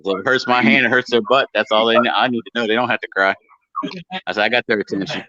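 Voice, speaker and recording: Bright-voiced joking man on a stream. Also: medium pitch, steady tone, fast talker, no room sound. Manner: joking, easygoing. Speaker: livestream host. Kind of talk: casual chat. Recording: dull lo-fi stream audio.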